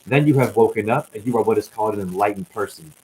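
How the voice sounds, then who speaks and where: A man's voice: fairly low pitch, quick pace, warm tone, rough recording. A man on a livestream delivering a rambling, rhyming spiritual monologue with bursts of whoops, sounding tired and drained. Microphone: static-laden livestream mic.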